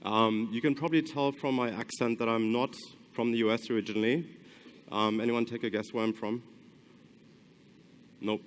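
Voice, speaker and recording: This conference speaker from Germany has a mid-range, steady voice at normal speed, leaving long pauses. His German accent has an Australian tinge, and in the hall he keeps hesitating with ums and restarts.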